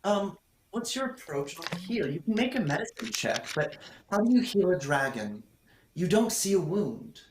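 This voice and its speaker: A man narrating as game master, describing scenes at length and pausing often to search for words. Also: high voice, very animated, a little hiss or hum. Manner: descriptive, hesitant, with fillers. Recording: roomy room sound.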